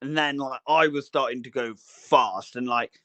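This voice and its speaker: A man's voice: medium pitch, steady tone, moderate pace, fairly bright tone. A young man, co-hosting a casual chat and telling a long rambling story full of fillers and restarts. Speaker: podcast co-host.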